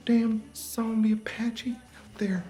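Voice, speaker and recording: An actor playing a grumpy, nervous, defeatist husband in a horror comedy film, with sarcastic, whiny remarks. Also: male voice, high voice, level tone, slow, warm tone.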